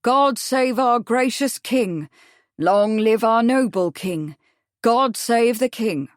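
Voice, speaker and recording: A woman's voice: a little high, lively intonation, slow, dry recording, studio quality, voice pushed up. A woman voicing a cultivated male defendant reciting words distinctly in an audiobook. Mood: dignified.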